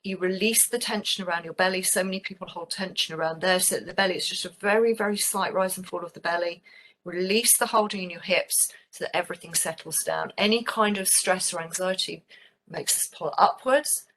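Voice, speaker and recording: A woman teaching mindfulness in a webinar, talking calmly and gently and dropping into quiet, soft asides. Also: lowish voice. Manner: calm, gentle and unhurried, softening into quiet asides.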